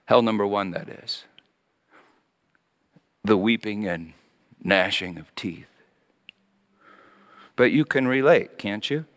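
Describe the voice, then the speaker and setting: A man's voice: fairly low pitch, slow, long pauses, a bit bright, in a large hall. A middle-aged male pastor preaching a sermon as a story, acting out his children's voices.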